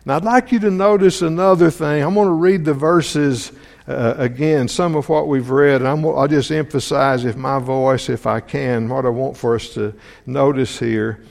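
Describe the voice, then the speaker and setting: A man's voice: medium pitch, fairly even intonation, moderate pace, creaky, a little mellow. A man preaching a sermon, reading scripture and putting questions to the congregation, often repeating words as he restarts. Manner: asks the congregation many questions. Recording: long hall reverb.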